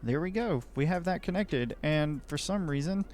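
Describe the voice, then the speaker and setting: A man's voice: fairly high pitch, lively intonation, normal speed, a little mellow, slight background noise. A man giving rambling, jokey, self-deprecating commentary while playing a city-building game. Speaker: let's play host. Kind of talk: casual gameplay commentary.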